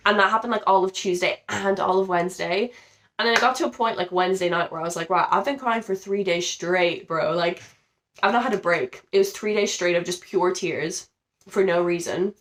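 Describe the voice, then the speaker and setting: A young woman with a slightly low voice talks to camera in a casual, confessional vlog. She sounds a little ill and worn down, and she rambles emotionally with lots of fillers. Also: fairly quick, a bit bright, slight background noise. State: feeling ill, under the weather. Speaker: vlogger.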